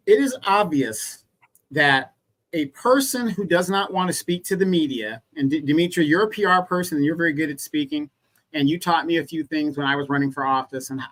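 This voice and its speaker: A man's voice: a little high, a bit bright, rough recording. A man co-hosting a livestream, giving blunt opinions in casual talk. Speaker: co-host.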